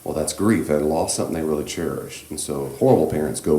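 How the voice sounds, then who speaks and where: Male church class teacher, extremely low voice, gentle and reassuring, conversational, echoey room. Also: quick pace, hardly any pauses. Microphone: handheld microphone. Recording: echoey room with faint background hiss.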